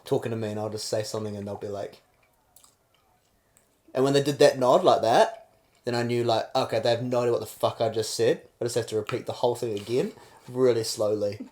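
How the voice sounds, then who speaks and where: A young man from New Zealand with a New Zealand accent, co-hosting a podcast and telling crude comic stories quickly and loosely. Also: mid-range voice, fairly even intonation, darkish tone. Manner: fast, rambling storyteller, acts out quotes. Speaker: podcast co-host. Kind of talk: crude comedic banter.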